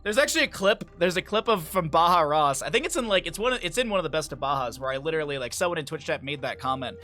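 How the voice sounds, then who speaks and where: A man streaming a game, chatting casually with his chat and telling rambling, profane stories with quick asides. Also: a little high, lively intonation, pushed and bright. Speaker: gaming streamer. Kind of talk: casual livestream commentary while playing.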